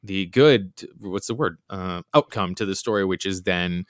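A man's voice: low-pitched, normal speed, dry recording, studio quality. A young adult man, a podcast guest, telling casual stories and acting out quotes in a raised voice. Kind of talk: casual storytelling chat.

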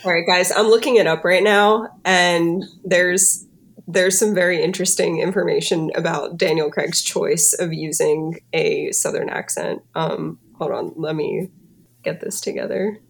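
A woman with a lowish, gravelly voice, chatting casually as a co-host. She gives her opinions bluntly. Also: fairly even intonation, unhurried. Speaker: podcast co-host. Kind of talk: casual chat.

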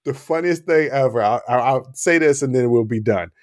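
A medium-pitched man speaking at a moderate pace, with no room sound, co-hosts a studio podcast under hot lights. He's an animated, laughing storyteller, swapping casual, profane tales about his personal-training clients.

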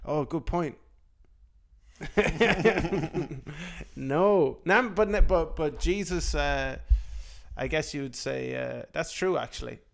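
A young man cohosting a loose comedy podcast, his voice gravelly and a touch higher than most. He jokes constantly, laughs often and slips into put-on voices to act out bits. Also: takes it slowly, pauses often. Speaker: podcast co-host. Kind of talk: casual comedic chat.

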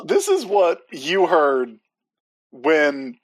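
Man, podcast co-host, husky voice, very animated pitch, dry close sound. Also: extremely slow, dry recording. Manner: lively, joking, expressive pitch swings. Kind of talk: casual chat. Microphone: remote call.

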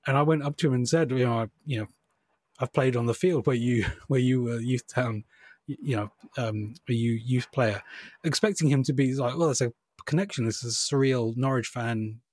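A man's voice: medium pitch, moderate pace, a little mellow, slightly rough, no echo, studio quality. A man guesting on a podcast, telling a story in a self-deprecating way and laughing along. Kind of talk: casual podcast chat.

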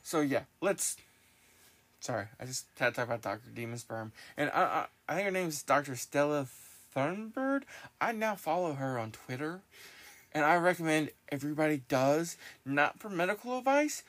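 A man hosting a podcast in casual chat, telling stories in a rambling, animated way with lots of restarts. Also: a little high, normal speed. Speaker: podcast host.

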